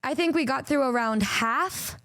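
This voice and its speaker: A woman streamer telling stories to her chat in a casual, animated way, swearing freely. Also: sits high, unhurried, no echo, studio quality.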